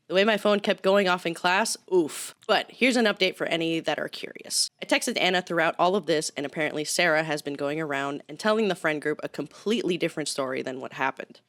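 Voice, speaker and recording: A woman co-hosting a podcast, reading posts aloud and chatting casually, animated, laughing often and swearing freely. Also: sits low, no echo. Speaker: podcast co-host.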